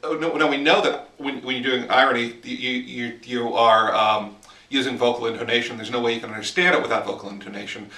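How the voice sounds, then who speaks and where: A man's voice: medium pitch, steady tone, brisk, sharp tone, echoey room, distant mic. A man teaching writing in a casual, explanatory monologue while walking outdoors in the woods, filming on a handheld camera. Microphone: handheld camera mic.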